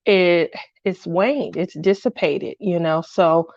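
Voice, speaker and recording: A middle-aged woman chats slowly on her craft livestream, low and lonely, rambling between thoughts and greeting viewers by name. Her voice sits at a medium pitch. It comes through a dry, slightly muffled home mic. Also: a little mellow, dry recording. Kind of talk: casual livestream chat.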